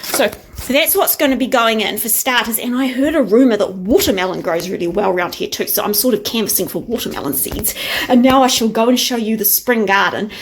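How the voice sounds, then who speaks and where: A woman's voice: a little high, fairly quick, breathy edge. A young woman with a New Zealand accent, chatting enthusiastically as she walks through her garden for her vlog. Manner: bubbly, enthusiastic, chatty with soft asides. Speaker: vlogger. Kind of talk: casual chatty vlog, walking garden tour. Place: outdoors in a garden.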